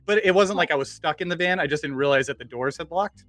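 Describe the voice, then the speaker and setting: A man's voice: on the high side, fast talker, a bit bright, dry recording, faint music behind. A man, a podcast guest, casually telling stories with many restarts and rambling asides.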